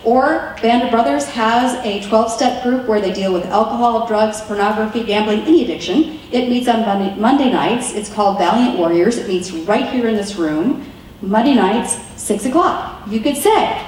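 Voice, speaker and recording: A woman with a slightly high voice gives an earnest, chatty teaching talk, now and then acting out a line of dialogue. She is heard from a distance in a strongly echoing meeting room with a faint hum of ambience. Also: moderate pace, a little mellow. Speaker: speaker teaching wives. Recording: very echoey room from far off.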